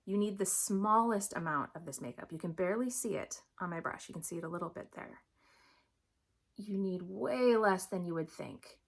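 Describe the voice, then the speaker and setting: A young woman walks her viewers through her makeup routine, chatty and upbeat as she explains each step. Her voice has a gravelly edge at a middle pitch, recorded close to the camera. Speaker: makeup vlogger.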